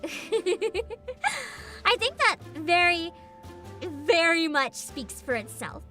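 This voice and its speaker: High-voiced vtuber lady ranting on stream, sarcastic, music under her. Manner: sarcastic, ranting, laughs often. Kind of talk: casual livestream rant.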